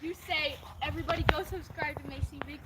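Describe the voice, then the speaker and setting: A woman's voice: sits high, steady tone, fast talker, a bit bright. A woman with a Kentucky accent chatting casually about horses on a livestream outdoors at a horse farm, full of "like" and "I mean". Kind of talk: casual live-stream chat.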